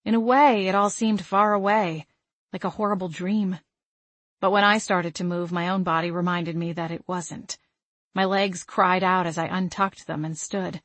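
Soft-spoken woman narrating an audiobook. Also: fairly low pitch, fairly even intonation, moderate pace, dry recording. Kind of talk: first-person audiobook narration.

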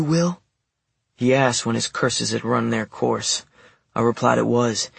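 A man with a deeply gravelly, husky voice reads a first-person audiobook story in a quiet, even, low-key way. His pitch stays flat and level, and the dry, close studio recording leaves no room sound. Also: no room sound. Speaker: audiobook narrator.

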